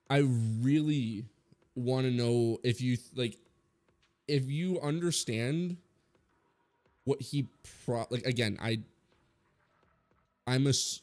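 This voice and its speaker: A man's voice: medium pitch, slow pace, long pauses, darkish tone. A man in his twenties giving a blunt, rambling opinion rant full of swearing, as a streamer talking to his viewers.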